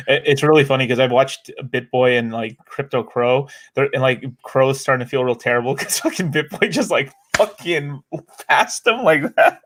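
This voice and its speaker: Casting: male co-host, mid pitch, loose, swears a lot, laughs through lines. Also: moderate pace, a bit bright. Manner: loose, profane, laughs often. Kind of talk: casual live-stream chat.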